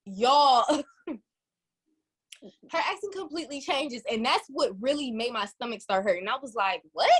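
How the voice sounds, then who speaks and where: A woman from Detroit, a podcast co-host, telling a story in casual chat and swooping up high when she quotes herself. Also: animated, measured pace, long pauses, a bit bright, husky.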